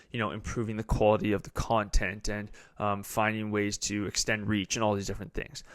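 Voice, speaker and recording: A young man talks through his own podcast episode in a loose, rambling way, with plenty of ums and likes. His voice sits a little low, and the sound is close and dry, with no room echo. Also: a bit bright. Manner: casual, rambling, with many fillers. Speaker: podcast host. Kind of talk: solo podcast monologue.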